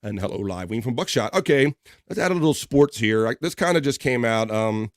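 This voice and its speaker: Brisk and expressive, a man with a mid-range voice is captured in studio quality without room sound. As a casual livestream host, he laughs often while reading the chat aloud and joking along with viewers.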